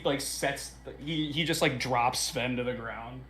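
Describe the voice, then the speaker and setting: A man's voice: medium pitch, normal speed, fairly bright tone. A man playing a tabletop game, talking in a hesitant, self-correcting way. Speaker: player.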